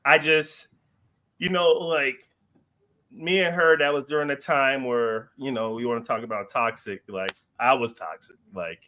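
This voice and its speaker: A man with a bright, forward voice spins a personal story as a podcast guest. He talks loosely and casually, full of fillers and quick laughs, at an everyday pitch. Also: steady tone. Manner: loose and slangy, heavy on fillers, laughs while telling.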